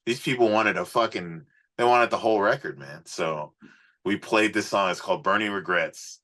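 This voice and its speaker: A man, a rock musician guest, telling road stories in a casual, swearing, animated way on a podcast. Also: fairly low pitch, normal speed. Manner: profane, animated storyteller. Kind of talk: casual storytelling interview.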